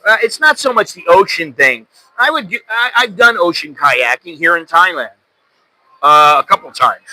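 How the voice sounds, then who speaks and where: A man's voice: high voice, animated, moderate pace, sharp tone, dry recording, soft background music, rough recording. A middle-aged American man hosting a podcast, telling stories in a loose, rambling, self-deprecating way. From United States. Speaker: podcast host. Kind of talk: casual chat.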